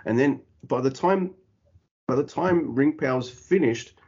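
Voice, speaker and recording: A man's voice: mid-range voice, unhurried, a little mellow, husky, muffled recording. An Australian man co-hosting a podcast in casual chat, animatedly acting out his own past reactions. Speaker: podcast co-host.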